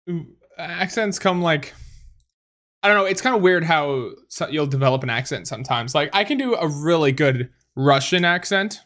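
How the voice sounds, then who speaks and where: Rich: A man with a sharp, bright tone talks over a friend in a loose gaming chat. He rattles along quickly, stammering and restarting, and pokes fun at himself. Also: on the high side. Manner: quick, stammering, self-mocking. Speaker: co-host recording a gaming chat. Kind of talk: casual chat.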